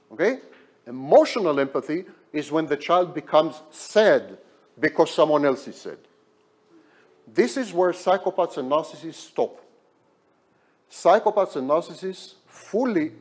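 A man's voice: fairly high pitch, darkish tone, breathy edge. A man lecturing at a hospital, emphatic and repeating key words for effect. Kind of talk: academic lecture.

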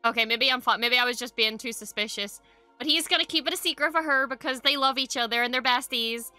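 A young woman reacting to a show in excited, gushing casual chat, swearing often. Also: fairly high pitch, fast, faint music behind. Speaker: reaction streamer.

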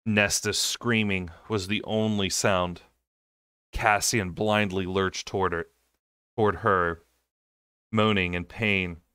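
A man narrating a fantasy novel aloud with steady, expressive delivery. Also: low voice, takes it slowly, pauses often, clean tone, no echo, clean studio sound. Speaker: amateur audiobook reader. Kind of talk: dramatic novel reading.

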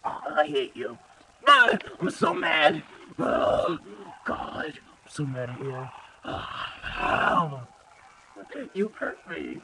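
A man's voice: mid-range voice, very slow, very noisy, voice pushed down. A man voicing a goofy, easily upset male movie star in an improvised comic voice-over, with whiny, exaggerated complaints. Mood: annoyed.

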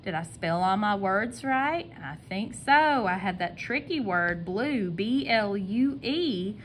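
A woman teaches a kindergarten phonics lesson, sounding out every letter and blend with patient, drawn-out care. Her pace is unhurried, and her voice sits at an ordinary middle pitch. A faint noise hums behind her. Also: lively intonation. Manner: slow, stretched-out sounding of letters.

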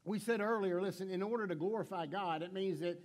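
Middle-aged pastor guy, high voice, stumbly restarts, lots of "can i tell you", echoey church hall. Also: a little fast. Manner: conversational preaching, stammering restarts, rhetorical questions; playful storytelling with acted quotes. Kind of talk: sermon. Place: church sanctuary.

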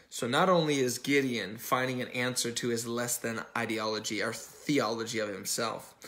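A male pastor delivers a sermon in an informal way, correcting himself as he goes and acting out the lines of the story. His voice sits at an ordinary, middle pitch. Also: fairly bright tone. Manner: conversational preaching with restarts and self-corrections; acts out the dialogue from the story.

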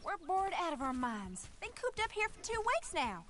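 A woman's voice: very high voice, big pitch swings, moderate pace, a bit bright, full character voice. An actress voicing a bored, cooped-up young frontier woman complaining in a western video game. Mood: exasperated. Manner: exasperated complaining.

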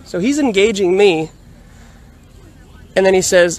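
A man casually telling a story in a vlog, animated and laughing often, recorded outdoors on a phone. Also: sits high, normal speed, long pauses. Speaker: vlogger. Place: outdoors in a busy urban area. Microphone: phone on a selfie stick. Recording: outdoor street noise.

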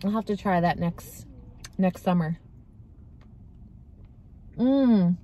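A woman's voice: lowish voice, slow, dark tone. A young woman from Canada chatting casually to her vlog camera from her car, laughing often and trailing off. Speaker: vlogger.

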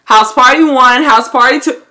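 A young woman vlogging casually and talking right at her audience. Her voice sits a little high and has a bright, forceful edge. She swings easily from chatty asides into loud, excited exclamations. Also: moderate pace. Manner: animated, swings into loud excited shouts and laughs; talks straight to viewers with lots of "y'all". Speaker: YouTuber. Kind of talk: casual vlog chat.

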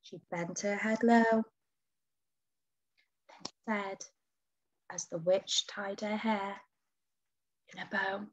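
A woman teacher reading a picture book aloud to children, with big leaps in pitch on key words. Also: steady tone, slow pace, pauses often, highs cut off.

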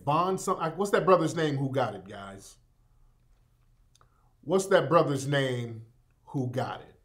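Man hosting a casual live broadcast. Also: mid-range voice. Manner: loose, repetitive, addresses listeners as family. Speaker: radio show host.

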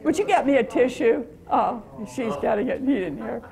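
A woman's voice: a little high, expressive, normal speed, vocal fry, crowd noise. An older American woman telling stories of her mission trip to a church meeting, chatty and laughing often. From USA. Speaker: guest speaker.

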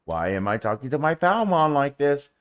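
Male streamer, casual game commentary, very lively pitch, coos at his pet. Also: moderate pace, clear, resonant tone, lo-fi sound. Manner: chatty, talks to viewers and coos baby talk at his pet creature.

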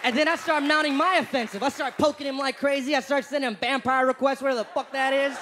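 A young man doing stand-up, telling a story in an animated, profane, mocking way. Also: very high-pitched, quick pace, few pauses, crowd noise, noisy background. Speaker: stand-up comedian. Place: comedy stage before a live audience. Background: audience laughter.

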